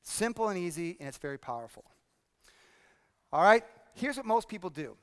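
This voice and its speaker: A man presenting a workshop to a live audience, energetic and drilling the room with repeated questions. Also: sits high, normal speed, smooth. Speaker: speaking coach presenting a workshop. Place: conference hall with audience. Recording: long hall reverb.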